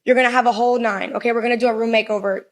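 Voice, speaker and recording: Teasing, fast-talking woman. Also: on the high side, steady tone. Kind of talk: casual podcast chat.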